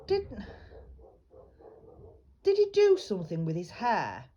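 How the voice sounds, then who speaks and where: A woman working as a psychic medium, giving a private reading in a chatty, reassuring way, often pausing and restarting her sentences. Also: mid-range voice, huge pitch swings, dark tone, highs cut off, slight background noise. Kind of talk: private spiritual reading, casual chat.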